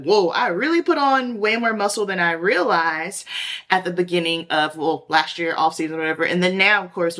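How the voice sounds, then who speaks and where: A woman in her thirties talking casually to her viewers, telling a story in a sassy, slangy, animated way. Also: on the low side. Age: 30s. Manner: animated, sassy, slangy, rising to exasperated outbursts. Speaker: beauty vlogger.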